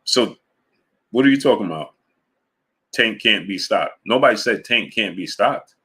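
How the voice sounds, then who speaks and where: A man hosting a live boxing talk stream, reading out super chats and greeting viewers by name between his points, getting louder and higher when he argues. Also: lively intonation, moderate pace, breathy edge. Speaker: boxing talk show host.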